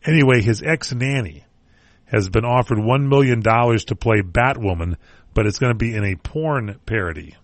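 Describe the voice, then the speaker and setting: A man's voice: mid-range voice, normal speed, dry recording. Wisecracking male radio host. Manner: wisecracking, rambling. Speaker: radio talk show host. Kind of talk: casual entertainment news chat.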